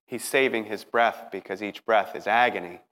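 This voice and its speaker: A man's voice: fairly low pitch, moderate pace. Emphatic male preacher in a reverberant hall. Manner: emphatic, swings from hushed to rising. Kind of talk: dramatic sermon storytelling.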